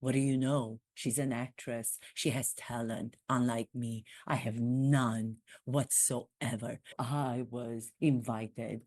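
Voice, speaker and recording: A stiff, formal royal prince, put on by a performer who mocks himself in a comic impression. He talks slowly and deliberately, with a dry, close sound and no put-on accent. He keeps the prim, polite manner throughout. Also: mid-range voice, fairly even intonation, darkish tone, no echo. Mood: self-mocking. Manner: stiff, formal, self-deprecating. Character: self-mocking royal prince, adult man, impression.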